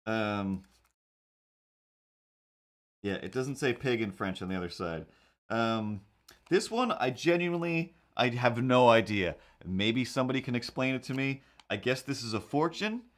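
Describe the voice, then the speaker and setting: A man's voice: medium pitch, animated, unhurried. A man chatting casually while he draws, rambling in a wry, incredulous way. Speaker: cartoonist streamer. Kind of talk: casual chat while drawing.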